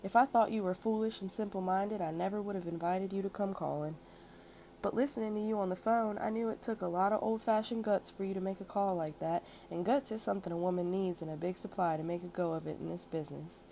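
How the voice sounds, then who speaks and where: A woman reading aloud as an elderly, wealthy madam who is kindly and blunt, with a soft, cultured, warm way of talking. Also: mid-range voice, fairly even intonation, quick pace, a little hiss or hum, close to an everyday voice, rough recording. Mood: stern. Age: older.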